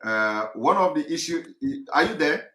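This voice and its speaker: A man with a Nigerian English accent hosting a call-in show, speaking haltingly with many fillers. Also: on the high side, expressive, pushed and bright, roomy sound. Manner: hesitant, many fillers and restarts. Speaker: host.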